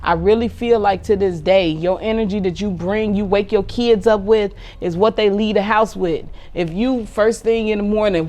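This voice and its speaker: A woman in her forties hosting a podcast, talking casually about raising kids with a sarcastic, animated way of telling stories. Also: medium pitch, moderate pace, few pauses. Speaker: podcast host.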